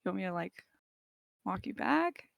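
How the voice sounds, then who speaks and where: A woman doing a soft, caring young student. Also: mid-range voice, very animated, moderate pace, creaky. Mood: concerned.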